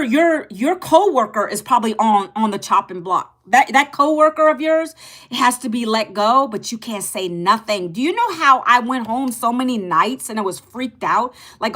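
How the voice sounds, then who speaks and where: Fifties lady chatting to camera, repeats words a lot, bright voice, jumps up and down in pitch. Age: 50s. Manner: chatty, repeats words, talks to viewers as guys; lively, pitch jumps up and drops low. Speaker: online business coach. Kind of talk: casual talk to camera.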